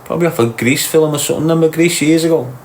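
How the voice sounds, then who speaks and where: A middle-aged Liverpudlian livestream host speaks rapid-fire in a fairly high voice, reading chat comments aloud. His banter with viewers is crude, teasing and slangy, and there's slight background noise.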